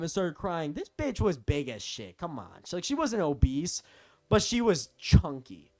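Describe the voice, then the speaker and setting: A man's voice: sits high, big pitch swings, a little slow, a little mellow, faint music behind. A young man telling a story in a casual, profane, rambling rant as a vlogger.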